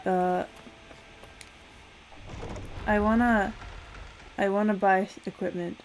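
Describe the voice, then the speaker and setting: A woman's voice: mid-range voice, fairly even intonation, takes it slowly, a little hiss or hum. A woman casually chatting and thinking aloud as she plays a video game, laughing often. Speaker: gamer playing a story game. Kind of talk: casual let's-play commentary.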